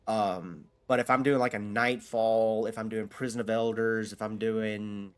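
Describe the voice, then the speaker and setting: A man with a fairly low voice chats casually while streaming a game. He rambles, restarts sentences and fills pauses with "um" as he answers his viewers. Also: fairly even intonation, smooth. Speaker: gaming streamer. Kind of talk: casual live-stream chat while gaming.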